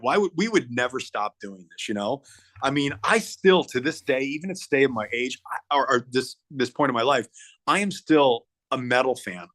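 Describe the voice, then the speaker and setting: Middle-aged male guest musician, casual chat, excitable, trips over his words, mid-range pitch. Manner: animated, stumbles and repeats words.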